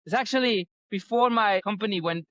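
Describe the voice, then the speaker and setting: A man's voice: high voice, brisk, a bit bright. A male host in a casual interview, speaking earnestly and hesitantly, often restarting his sentences. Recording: dull lo-fi sound.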